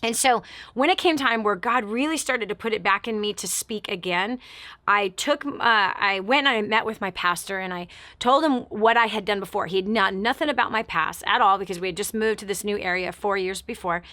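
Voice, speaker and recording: A woman's voice: mid-range voice, fairly quick, pushed and bright, no room sound. A middle-aged woman hosting a talk show, telling a personal story in an emphatic, candid way with repeated build-ups.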